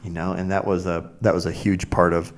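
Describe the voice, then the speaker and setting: A man's voice: low voice, fairly quick. A young man co-hosting a podcast, speaking bluntly and candidly in a casual chat about faith. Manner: candid, blunt, animated storytelling. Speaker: podcast co-host.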